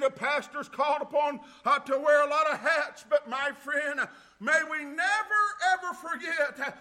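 A man preaching a sermon as a pastor, fervent, breaking into shouts of glory and hallelujah and filling pauses with "uh". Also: very high voice.

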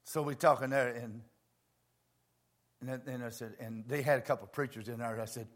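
A man preaching a homespun storytelling sermon in plain words, dropping to low murmurs and rising to fervent shouts. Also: steady tone, moderate pace. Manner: plain homespun phrasing with many asides.

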